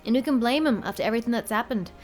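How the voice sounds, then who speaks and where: A woman reading aloud as a hearty middle-aged male tavern keeper, with only a brief try at a rough accent. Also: fairly high pitch, rapid-fire, darkish tone, faint music behind, natural voice. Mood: storytelling.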